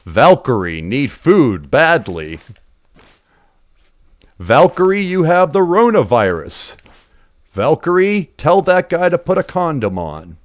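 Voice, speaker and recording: A man doing a booming arcade game announcer. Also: very animated, slow pace, long pauses, no echo. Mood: ominous.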